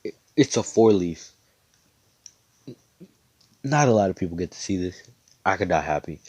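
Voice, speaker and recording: A man voicing an excitable young male exam registrar who talks in awed slang. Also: low voice, normal speed, no echo.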